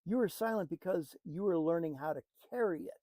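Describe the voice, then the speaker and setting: A man giving an earnest motivational talk, repeating phrases and often dropping to a soft, hushed voice for emphasis. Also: fairly high pitch, a little fast, no echo, low-quality recording. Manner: earnest, repetitive, drops to a soft hush for emphasis. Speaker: motivational speaker.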